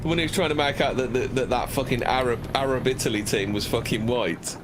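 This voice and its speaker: A man's voice: medium pitch, quick pace, heavy background noise. A man on a stream call, swearing freely, mocking others and laughing often in crude banter.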